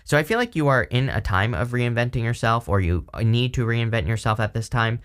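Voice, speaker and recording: A man of middle pitch reads tarot cards in a loose, casual way. He rambles, stacking fillers and restarting his sentences as he goes. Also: fairly quick, a bit bright, clean tone. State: throat irritated by allergies. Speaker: tarot reader.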